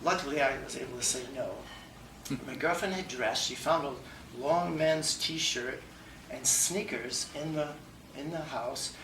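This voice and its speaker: A man tells a funny personal story to an audience, animated, acting out the dialogue and laughing along. His voice is bright and forward. He is picked up from a distance in an echoey room with faint ambience. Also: on the high side, a little slow, a little hiss or hum. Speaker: humor contest speaker. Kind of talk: humorous personal story speech. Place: meeting room before an audience.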